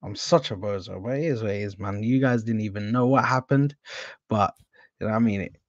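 A young man hosting a casual football live stream, full of slang and shout-outs to viewers. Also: lowish voice, brisk, dry recording, muffled recording. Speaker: host.

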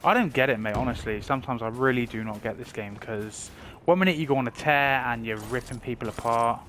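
A man's voice: medium pitch, fairly quick, a bit bright. A man swearing and ranting about the game while playing, over noisy live comms. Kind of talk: profane live gameplay chat. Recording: noisy gameplay capture. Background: game sounds and gunfire.

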